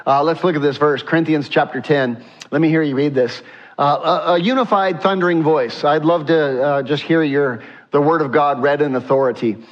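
A man's voice: fairly high pitch, fairly even intonation, normal speed. A man preaching a sermon in a conversational way, asking the congregation questions and acting out the text. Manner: conversational, asks the congregation questions, acts out quotes. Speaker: pastor. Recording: dull lo-fi sound.

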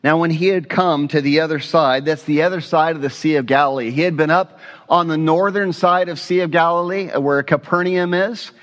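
Pastor preaching in an echoey hall. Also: male voice, on the high side, fairly quick, fairly bright tone. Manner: conversational, asks the congregation questions. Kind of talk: expository sermon.

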